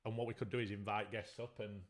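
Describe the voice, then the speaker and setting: A man's voice: lowish voice, flat delivery, quick pace. A man with a Sheffield accent co-hosting a podcast in casual chat, laughing often and trailing off mid-sentence. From Sheffield, England. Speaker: podcast co-host.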